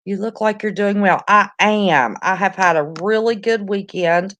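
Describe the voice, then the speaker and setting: A woman's voice: mid-range voice, expressive, measured pace, few pauses, fairly bright tone. A woman, chatting casually on her livestream, greeting viewers by name and calling them honey. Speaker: livestream host. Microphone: no headphones, device mic.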